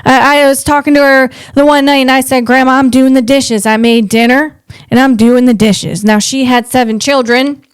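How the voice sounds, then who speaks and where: A woman's voice: high voice, fairly even intonation, moderate pace, smooth, no echo. A woman from the Northeast US hosting a casual comedic podcast, chatty and rambling, often restarting her sentences.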